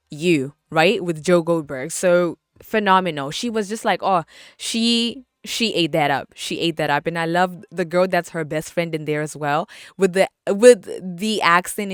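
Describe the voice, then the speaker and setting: A woman's voice: lowish voice, moderate pace, dry recording, clean studio sound. Bubbly young woman podcasting. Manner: bubbly, chatty, laughs often, repeats words for emphasis. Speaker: podcast host. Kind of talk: casual solo podcast chat.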